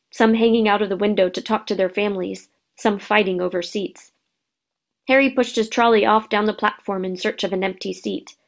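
Woman reading a storybook aloud. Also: medium pitch. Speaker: narrator.

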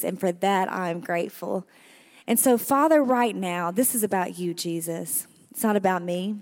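A woman in her thirties from Arkansas with a Southern accent, sharing her church testimony and praying in an emphatic, crowd-addressing way. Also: medium pitch. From Arkansas, USA. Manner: warm, emphatic, talks to the crowd as y'all. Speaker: guest speaker sharing testimony.

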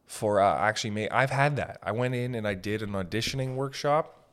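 A man's voice: on the low side, normal speed. Rambling, swearing comedic male podcaster. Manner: meandering, self-deprecating, swears casually, breaks into loud mock shouts. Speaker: podcast host.

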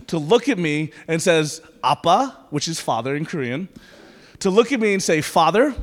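A pastor delivers a sermon in a church sanctuary, his high-pitched, slightly bright voice echoing through the reverberant hall. He speaks conversationally, tossing in playful asides before turning to earnest prayer.

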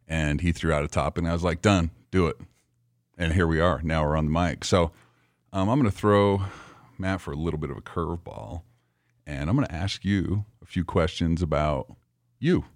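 A middle-aged man with an extremely deep voice hosts a podcast, speaking in a measured, unhurried way with frequent ums. The sound is dry and close, with no room echo. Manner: measured, rambling, full of fillers. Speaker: podcast host. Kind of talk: casual podcast interview.

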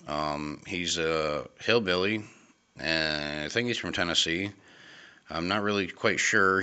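Hesitant young man hosting, low voice. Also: clean tone. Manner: hesitant, many ums, deadpan. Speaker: host. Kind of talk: amateur comedy podcast.

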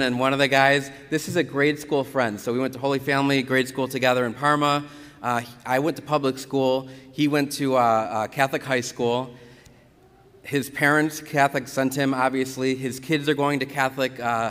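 A Catholic priest giving a conversational sermon, telling stories from the pulpit with lively retellings. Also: male voice, mid-range voice, brisk, smooth. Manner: conversational storytelling, animated retellings. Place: church. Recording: church reverb.

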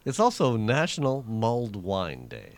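A man co-hosting a casual radio show as quizmaster, reading out a list of special days with lively emphasis. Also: on the low side, a little slow, no room sound. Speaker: quizmaster co-host. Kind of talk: casual studio banter.

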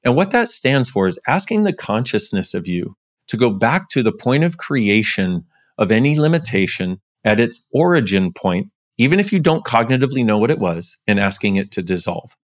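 A man speaking as a podcast guest in casual interview talk, animated, pushing his pitch up sharply for emphasis. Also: normal speed, no echo, clean studio sound.

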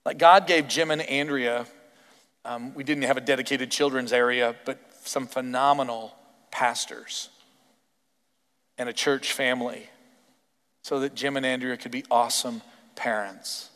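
A Canadian man preaching a sermon as pastor, emphatic and animated, firing off rhetorical questions. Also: medium pitch, a little slow, pauses often, clear, resonant tone, long reverb tail.

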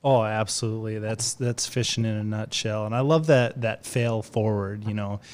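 A man hosting a casual fishing interview, relaxed and encouraging. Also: on the low side, normal speed. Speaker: podcast host.

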